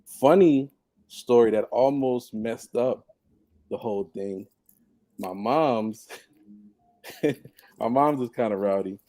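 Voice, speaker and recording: A man telling a personal story on a podcast in a casual, animated way, laughing often and mimicking others. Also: medium pitch, slow, pauses often, no echo. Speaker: podcast guest.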